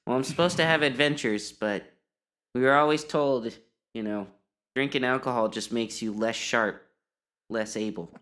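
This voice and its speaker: A man's voice: mid-range voice, moderate pace, fairly bright tone, natural voice. A man voicing a naive, sheltered male monk adventurer who talks in an earnest, matter-of-fact way during tabletop role-play.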